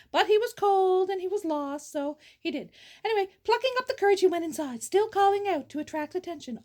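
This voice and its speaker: A woman's voice: extremely high pitch, darkish tone. A woman reading a fairy tale aloud in a playful way, breaking off for goofy asides and sound effects. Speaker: storyteller. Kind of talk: storytelling read-aloud.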